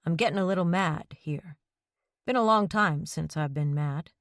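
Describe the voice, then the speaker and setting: Woman narrating as a steady, plain-spoken widower, low-pitched, calm and terse, firm under pressure, in a dry close recording. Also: moderate pace, dry recording. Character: quiet, steady widowed man, stubborn when pushed.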